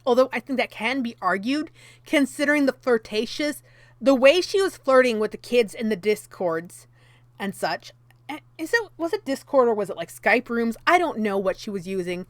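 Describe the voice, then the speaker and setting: A woman's voice: on the high side, fairly bright tone, dry recording. A woman commentary YouTuber reading from an article and reacting in a heated, exasperated way, with many fillers.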